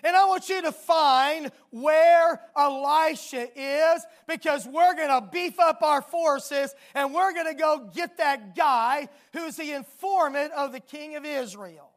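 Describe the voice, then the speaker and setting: A preacher voicing a scheming king who gives orders to his men, in a high voice. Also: takes it slowly, hardly any pauses. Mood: bossy. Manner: commanding.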